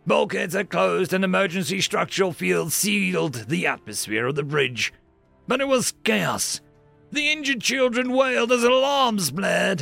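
A man narrating a science fiction story in a steady, measured way. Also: high-pitched, creaky. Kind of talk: scripted sci-fi story narration.

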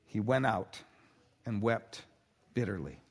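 A man preaching a sermon in an earnest voice, slowing down and pausing for dramatic emphasis. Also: fairly low pitch, expressive, slightly rough, in a large hall. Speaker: pastor.

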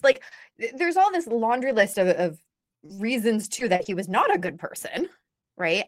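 Animated, blunt woman telling stories. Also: medium pitch, dry recording, studio quality. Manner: animated, blunt, laughs often. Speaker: guest sharing personal stories. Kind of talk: candid conversational storytelling.

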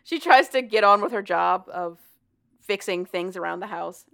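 A woman's voice: medium pitch, moderate pace, creaky, pushed and bright. Chatty woman recapping a book. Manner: chatty, laughing, frequent "like" fillers, acts out characters' lines. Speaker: podcast co-host. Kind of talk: casual book recap chat.

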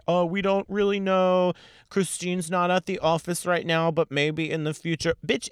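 A man's voice: medium pitch, clear, resonant tone, dry recording, studio quality. A young man hosting a solo podcast, ranting in a sassy, profane, mocking way. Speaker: podcast host.

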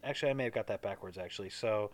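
A man's voice: fairly low pitch, rapid-fire. A man co-hosting a casual movie podcast, swearing often and retelling scenes animatedly. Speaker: podcast co-host.

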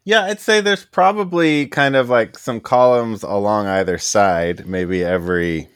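A man narrating as game master of a tabletop game, relaxed and hedging as he talks. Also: fairly low pitch, a little slow, clean tone, dry recording, clean studio sound.

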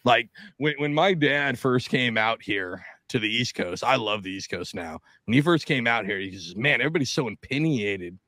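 A man's voice: medium pitch, normal speed, hardly any pauses, sharp tone, no room sound. A middle-aged man from Seattle in casual podcast chat, swearing freely and telling stories, mimicking people's voices as he goes. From Seattle, Washington. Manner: profane, storytelling, mimics other people's voices. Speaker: podcast co-host.

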